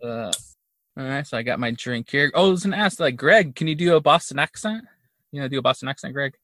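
A man's voice: medium pitch, animated, fast, a bit bright, dry recording. A man hosting a casual podcast chat, rambling with lots of fillers and easy laughs. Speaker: podcast host.

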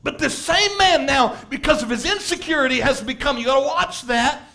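Speaking at a moderate pace, a very high-voiced man gives a fervent, impassioned sermon. He shifts between hushed asides and shouted emphasis, repeating phrases to press each point.

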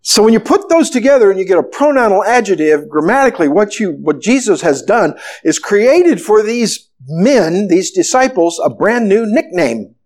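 A man preaching a sermon, retelling a story with animated, storytelling delivery. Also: high voice, normal speed, few pauses. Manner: animated storytelling, acting out the disciples' panic. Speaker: pastor.

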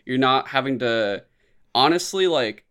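A man chatting casually on a podcast, reviewing a movie with frequent swearing and animated asides. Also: medium pitch, measured pace, clear, resonant tone. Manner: rambling, swears often, animated impressions.

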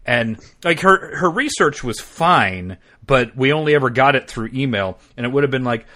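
A man's voice: mid-range voice, animated, moderate pace, few pauses, sharp tone. A man hosting a podcast, telling stories in a wry, casual way with offhand swearing. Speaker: podcast host. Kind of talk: casual chat.

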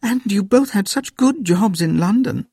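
Guy doing a gossipy old granny, high and shrill, husky underneath. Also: lively intonation, unhurried, darkish tone, dry recording, clean studio sound, full character voice. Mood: fussy. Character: fussy older grandmother with a twinkle. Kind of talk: storybook reading.

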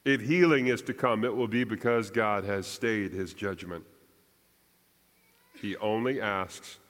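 Speaking in a large hall, a pastor with a voice on the low side preaches with measured deliberation, rising for emphasis and dropping soft at each line's close.

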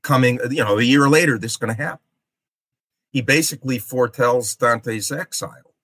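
A man giving a literature lecture, deliberate and explanatory, often checking in with "okay?". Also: medium pitch, a bit bright, dry recording.

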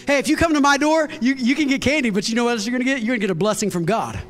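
Male pastor, very high voice, energetic sermon with shouts, reverberant church hall. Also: racing, soft background music. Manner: energetic, repeats words and restarts, bursts into shouts.

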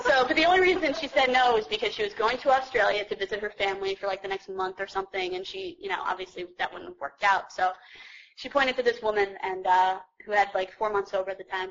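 Speaking at a recovery meeting, a young woman shares her personal story in a chatty, self-deprecating way filled with fillers. Her voice is fairly high in pitch, and the recording sounds muffled.

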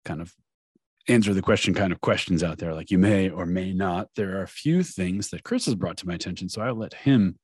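A man with a very deep, husky voice co-hosts a podcast with dry, teasing remarks. His voice sits close and dry on the mic. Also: brisk, a little mellow, no room sound. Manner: wry, teasing. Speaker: podcast co-host. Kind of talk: casual podcast chat.

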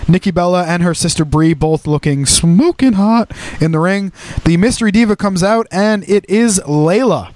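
A man co-hosting a casual wrestling recap podcast, talking in a rambling, relaxed way with crude jokes. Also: high-pitched, moderate pace, no echo. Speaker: podcast co-host.

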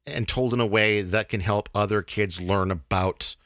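A man hosting a casual podcast, talking in a halting way with many fillers and restarts. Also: lowish voice, fairly bright tone, no room sound, clean studio sound. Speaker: podcast host.

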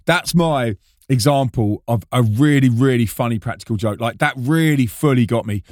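Animated man telling a story. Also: medium pitch, moderate pace, dry recording, clean studio sound. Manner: animated, self-mocking, often restarts and repeats words. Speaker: preacher and band frontman. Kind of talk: storytelling monologue.

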